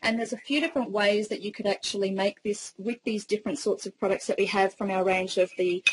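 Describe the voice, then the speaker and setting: A woman's voice: medium pitch, fairly even intonation, fairly quick, husky, no echo, poor audio. An enthusiastic woman with an Australian accent demonstrating a barbecue recipe in a casual, gushing way. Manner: enthusiastic, gushing, laughs often. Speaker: cooking demonstrator.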